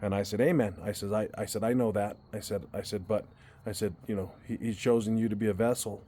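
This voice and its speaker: A man's voice: lowish voice, little pitch movement, fast, dark tone, slight background noise. A man telling a personal story to his viewers in a casual, earnest way, often restarting and repeating words as he goes. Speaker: vlogger.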